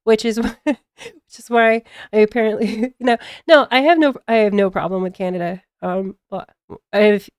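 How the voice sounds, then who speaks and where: A woman with a general American accent chatting casually on a stream, halting often with fillers and laughing easily. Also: mid-range voice, smooth, no room sound, clean studio sound.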